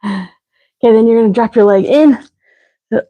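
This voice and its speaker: A woman's voice: on the high side, normal speed, narrow, tinny audio. A woman leading a live workout as fitness instructor, counting reps and cueing stretches while out of breath. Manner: counting reps, breathy and winded between cues.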